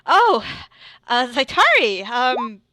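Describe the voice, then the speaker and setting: A woman's voice: sits high, big pitch swings, takes it slowly, sharp tone, no room sound, pitched above the performer's own voice, exaggerated voice. A woman voicing a flustered young male apprentice blacksmith who stammers and apologizes.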